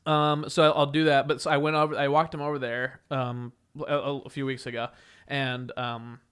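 A man co-hosting a casual chat, telling a story in an animated way and acting out the people in it. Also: medium pitch, smooth. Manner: animated storyteller, quick to act out other people.

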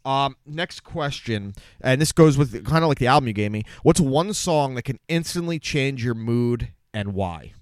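A man's voice: medium pitch, lively intonation, normal speed, few pauses, smooth, no room sound. A man co-hosting a podcast in casual chat, joking and swearing as he asks questions. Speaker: podcast co-host.

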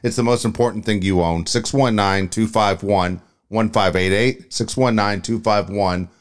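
A man co-hosting a talk radio show, reading sponsor ads and repeating phone numbers like a pitchman. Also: normal speed. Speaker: radio co-host. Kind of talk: talk radio live ad reads.

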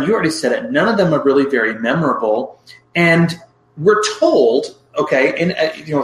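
A man in casual film review chat, measured and wry, with hedging asides. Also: mid-range voice, reverberant, low-quality recording. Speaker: podcast co-host.

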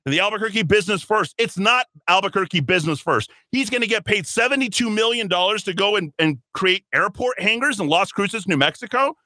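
A man holds forth on his talk radio show in a combative, emphatic monologue, jabbing with mockery. His voice sits high and rings very bright. The sound is dry and close. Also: animated, a little fast, few pauses, dry recording.

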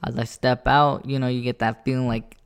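A man casually telling a rambling, profane story about his own life, animated and full of restarts. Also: mid-range voice, a little fast, smooth.

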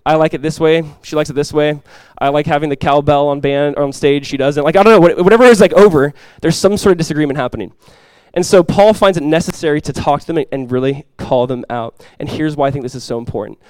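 A male pastor preaching a sermon in a relaxed, conversational way, full of fillers and asides. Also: a little high, fast, smooth, dry recording, low-quality recording.

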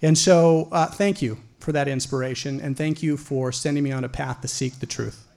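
A middle-aged man telling a personal story live, wry and animated, rising to loud outbursts. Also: on the high side, normal speed, gravelly.

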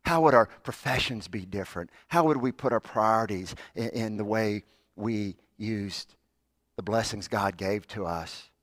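A man preaching a sermon as a Methodist pastor, telling stories earnestly, building up and then dropping soft. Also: on the low side, no room sound, studio quality. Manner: earnest storytelling, swells louder in stories then drops soft.

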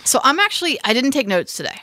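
A woman co-hosting a podcast, telling a story in an animated, emphatic way. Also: sits high, fast, no room sound. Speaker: podcast co-host. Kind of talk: casual chat.

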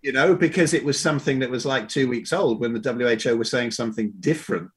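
A man from the UK hosting a podcast, telling a story in a relaxed, chatty way. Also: mid-range voice, fast talker, breathy edge. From United Kingdom. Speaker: podcast host. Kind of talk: casual conversation.

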